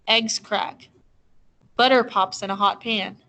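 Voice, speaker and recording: A woman reading a novel aloud in a measured, gentle storytelling manner. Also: mid-range voice, fairly even intonation, rough recording. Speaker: reader.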